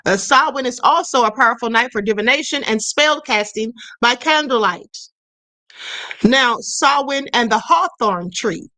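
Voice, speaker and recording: A woman with a bright, forceful voice hosts a live stream, talking her viewers through the subject in a chatty, conversational way. She keeps checking in with "okay" and reads comments aloud as they come. Her voice sits fairly high, and the sound is dry and close. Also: expressive, measured pace, no echo. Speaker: host of a spirituality live stream.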